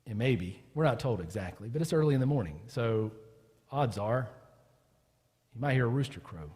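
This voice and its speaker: A male pastor preaching a sermon as lively storytelling, acting out the people he quotes. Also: medium pitch, normal speed, husky, long reverb tail.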